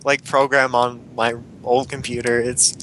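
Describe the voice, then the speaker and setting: A man's voice: medium pitch, level tone, unhurried, a bit bright, a little hiss or hum. A young man co-hosting a casual chat, rambling, swearing now and then, laughing often.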